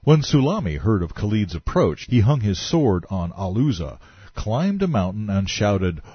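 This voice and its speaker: A man's voice: lowish voice, big pitch swings, moderate pace, slightly rough, no room sound. A man reading historical texts aloud in scripted, dramatic narration, in a dull, dry recording.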